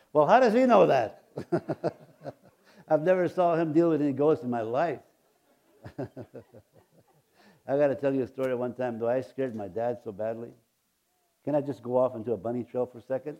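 A man's voice: medium pitch, normal speed, pauses often, warm tone, lo-fi sound. A man in his sixties preaching a sermon, telling homey stories with frequent chuckles and calling on the congregation to repeat after him. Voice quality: chuckling, folksy storytelling with a call-and-response manner. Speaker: pastor.

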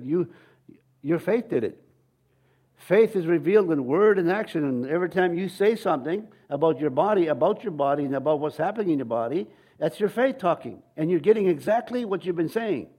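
A man's voice: on the high side, expressive, a little fast, dark tone, husky. Man preaching a faith sermon. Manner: conversational preaching, acts out quoted voices, repeats words. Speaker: pastor.

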